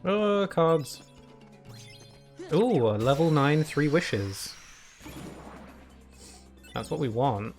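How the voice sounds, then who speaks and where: A man's voice: fairly high pitch, expressive, very slow, long pauses, darkish tone, faint music behind. A young man casually commenting while he plays a game, rambling and often restarting his sentences. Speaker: streamer.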